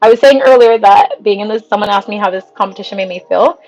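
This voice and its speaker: A woman singer chatting on a livestream, excitable and talkative, laughing often. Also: mid-range voice, fast talker, poor audio. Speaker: singer livestreaming a vote contest. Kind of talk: casual livestream chat.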